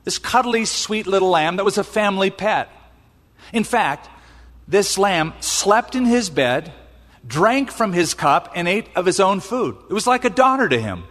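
A man's voice: high voice, lively intonation, measured pace, fairly bright tone, pitched above the performer's own voice. A man voicing an earnest male prophet telling a parable, emphatic and drawn out. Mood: pleading. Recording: long reverb in a large hall.

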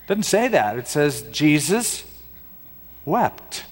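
A man's voice: mid-range voice, lively intonation, a little slow. A man preaching a sermon in a dramatic style, asking the congregation rhetorical questions. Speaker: pastor. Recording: long hall reverb.

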